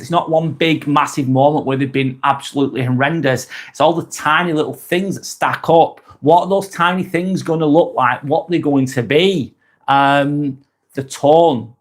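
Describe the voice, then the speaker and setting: A man hosting a motivational livestream in casual talk, rambling and repeating words and phrases for emphasis. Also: on the high side.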